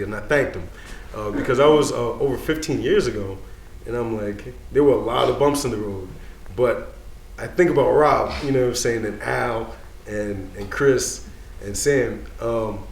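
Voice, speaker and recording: A man's voice: mid-range voice, normal speed, creaky, few pauses, roomy sound, a little hiss or hum. A man in his thirties, a dean of students, telling a personal story live in a casual, streetwise way, full of "you know".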